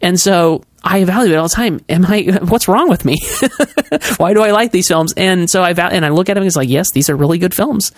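A man's voice: high-pitched, brisk, no room sound. A man hosting a casual movie podcast, playful and self-mocking, often laughing. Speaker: podcast host.

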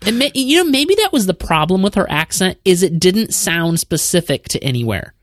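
A man's voice: high voice, sing-song, normal speed, no room sound, clean studio sound. A man with a Midwestern accent hosting a podcast, chatting casually about movies with lots of restarts and repeated words. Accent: Midwestern American. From American Midwest. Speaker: podcast host. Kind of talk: casual movie review chat.

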